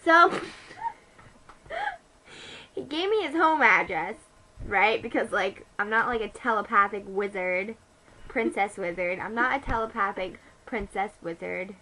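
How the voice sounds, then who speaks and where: A woman's voice: medium pitch, a little slow, pauses often, pushed and bright, poor audio. Teen girl playing a bratty, rambling gossip. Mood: snarky. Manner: rambling, profane, bratty, giggly asides. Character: snarky ditzy teenage girl gossiping about a date. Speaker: comedy vlogger. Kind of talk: improvised comedy monologue.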